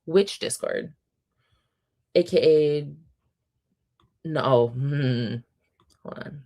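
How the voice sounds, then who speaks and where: A woman's voice: rumbling low, slow, creaky, pauses often, a little mellow. A young woman hosting a casual book livestream, reading out chat messages and gushing with frequent laughs and ums. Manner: chatty, gushing, laughs often, many ums.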